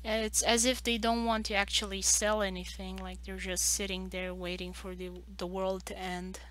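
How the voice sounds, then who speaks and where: Rambling young woman, bright voice. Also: medium pitch, level tone, normal speed. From Romania. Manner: rambling, loose, full of "like" fillers and restarts. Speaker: artist streaming a live drawing session. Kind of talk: casual chat while drawing.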